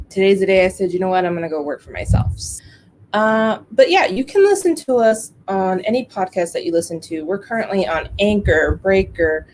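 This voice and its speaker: A woman hosting her own podcast, animated and candid, telling personal stories and swearing freely. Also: medium pitch, a little hiss or hum. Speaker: podcast host. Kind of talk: casual podcast monologue.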